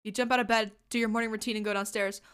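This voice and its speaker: A woman's voice: fairly high pitch, little pitch movement, rapid-fire, fairly bright tone, clean tone. A young woman hosting a podcast, reading a silly fanfiction aloud with playful, laughing asides. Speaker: podcast host.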